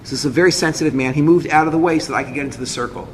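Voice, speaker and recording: A man's voice: on the high side, very fast. A man, a rabbi, telling a personal story to an audience with lots of feeling. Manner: emotional storytelling, acts out others' lines. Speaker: rabbi and speaker. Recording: echoey hall with faint noise.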